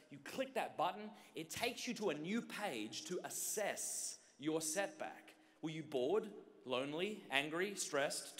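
A man speaking to a large conference audience in an energetic, joking way, talking straight to the crowd. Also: high voice. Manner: joking, direct, keeps addressing the audience. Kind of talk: energetic motivational talk to a crowd. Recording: long hall reverb.

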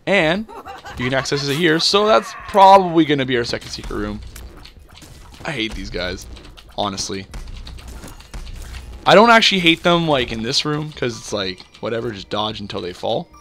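A man's voice: mid-range voice, animated, moderate pace, long pauses, a bit bright, slight background noise. A young man from Canada rambling through casual gameplay commentary, full of fillers and self-deprecating asides. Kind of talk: casual let's-play commentary.

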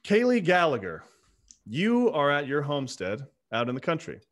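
A man narrating a tabletop role-playing game as game master, relaxed and quick to laugh. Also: fairly high pitch.

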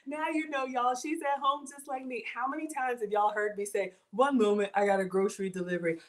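A woman's voice: a little high, fairly even intonation, brisk. A young woman from Georgia hosts a cooking livestream. She is bubbly and teacherly, walks viewers through each step and greets the chat. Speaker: cooking show host.

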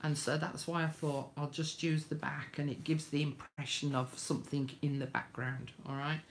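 A woman's voice: deep voice, flat delivery, normal speed, a little hiss or hum. A woman hosting a live craft demonstration, chatting homely and greeting viewers by name. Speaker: craft tutorial host.

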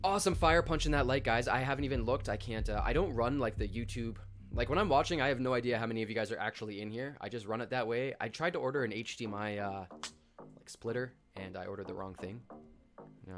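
A young Canadian man hosts a live stream and talks to his chat in a loose, hyped way, full of slang and shout-outs. His voice sits at an everyday middle pitch. Faint music plays behind him. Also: quick pace. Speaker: livestream host.

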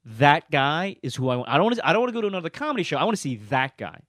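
A man's voice: fairly high pitch, sing-song, very fast, fairly bright tone, no room sound, clean studio sound. A man, a stand-up comedian, giving casual direct-to-camera advice to new comics, emphatic and often checking in with "okay?". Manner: emphatic, repeats "okay?" to drive points home.

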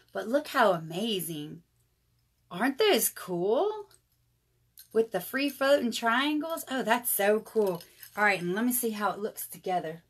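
A woman's voice: on the high side, fairly bright tone. A woman, hosting a casual live jewelry sale and chatting to viewers. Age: 30s. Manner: chatty, addresses viewers as y'all. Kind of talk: casual live sales chat.

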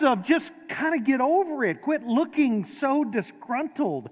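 A man preaching a sermon as pastor, conversational and gently humorous, in a large church sanctuary. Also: very high-pitched, sing-song, measured pace. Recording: long reverb of a large hall.

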